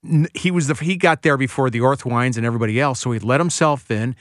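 Guy on a radio show rattling off stories, mid-pitched, dry close sound. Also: fast talker, dry recording. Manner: chatty anecdotal storyteller. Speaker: author and radio guest. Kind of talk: radio interview.

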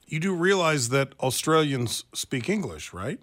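A man's voice: fairly high pitch, big pitch swings, measured pace, fairly bright tone. A man hosting a call-in talk radio show, taking calls in an upbeat, teasing way. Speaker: radio host.

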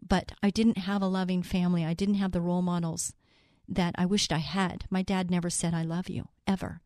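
A woman hosting a faith talk show, speaking in an earnest, personal way, quoting scripture and slowing down to stress key words. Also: on the low side, flat delivery, darkish tone, dry recording, clean studio sound. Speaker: show host.

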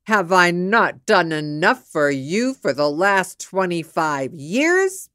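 A woman's voice: fairly low pitch, sing-song, slow, fairly bright tone, no room sound, clean studio sound, exaggerated voice. Indignant husband, as a woman puts him on. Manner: huffy, exasperated outburst. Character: indignant middle-aged husband, defensive and put out.

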